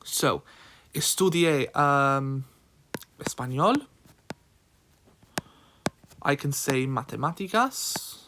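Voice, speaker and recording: A man's voice: medium pitch, animated, drawn-out words, long pauses, background noise. A man tutoring in a casual screen-recorded lesson, thinking aloud with frequent ums.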